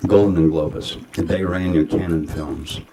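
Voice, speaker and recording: A man's voice: sits low, fairly even intonation, moderate pace, a crowd in the background. An older man, a guest actor at a festival Q&A, telling rambling anecdotes full of acted-out quotes. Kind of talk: festival Q&A storytelling. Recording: audience noise in a festival hall.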